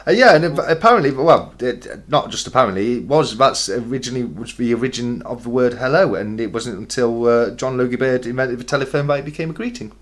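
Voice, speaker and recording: A man's voice: mid-range voice, lively intonation, fast, hardly any pauses. A man hosting a casual chat on a video call, laughing often and reading out viewer comments. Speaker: host.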